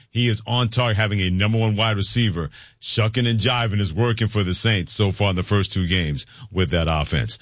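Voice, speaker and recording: A man's voice: fairly low pitch, a little fast, hardly any pauses, no room sound, clean studio sound. A male radio host running a sports talk show, upbeat and reading promos and phone numbers.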